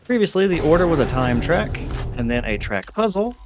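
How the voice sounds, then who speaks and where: Brief: male gaming host, casual rambling commentary, slightly higher voice. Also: sing-song, fairly quick, over music. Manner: chatty, rambling, self-deprecating.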